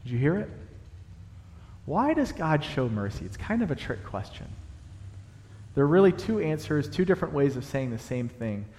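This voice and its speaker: Young man, pastor, preaching, animated emphatic delivery, higher voice, echoing church hall. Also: normal speed, pauses often, slight background noise. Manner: animated, rising to emphatic peaks. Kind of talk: sermon. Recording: long hall reverb.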